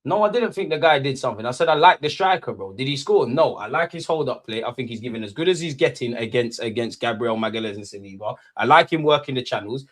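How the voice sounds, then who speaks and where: Barely pausing, a young man talks at a quick, animated clip while hosting a football watchalong. His casual match reaction turns into swearing-laden rants at the live chat, delivered with high-pitched indignation.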